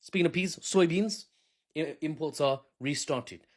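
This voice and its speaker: A man's voice: a little high, unhurried, a little mellow. A man hosting a casual solo news commentary, jokey and chatty, who wanders into asides. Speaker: commentary host.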